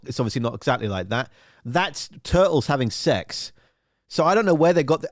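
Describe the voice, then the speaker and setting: A man's voice: medium pitch, expressive, a little fast, no room sound, clean studio sound. A man hosting a live radio stream, chatting casually and telling a rambling, profane, jokey story full of silly acted-out voices.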